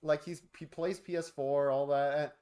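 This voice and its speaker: A man's voice: fairly high pitch, normal speed. Joking man streaming a game. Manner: animated, joking, swearing. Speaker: streamer co-host. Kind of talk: casual stream chat.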